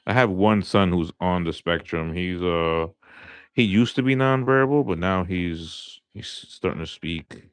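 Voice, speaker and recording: A man in his thirties with a light New York accent talks loosely to his stream viewers. He circles back and repeats words, leaning on fillers. His voice sits very low and sounds close and dry. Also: smooth, dry recording. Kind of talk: casual live-stream chat.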